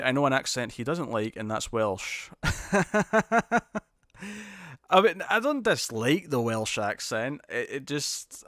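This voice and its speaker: A man's voice: mid-range voice, a bit bright, no room sound, studio quality. A British man hosting a live stream, chatting casually through viewer comments in a rambling, hesitant way, often restarting and chuckling.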